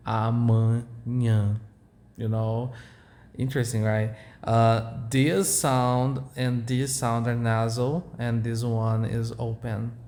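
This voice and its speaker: A Portuguese-speaking man with a Brazilian accent, informally explaining his language's vowels to a learner in halting English with many fillers. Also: mid-range voice, a little mellow, a little hiss or hum. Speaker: language tutor.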